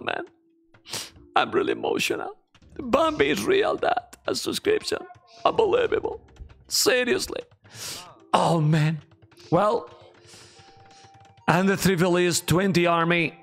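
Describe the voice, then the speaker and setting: A young man with a Spanish accent, speaking English as a second language, giving live esports commentary in an excitable way and reacting loudly to viewers. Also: on the high side. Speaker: esports caster.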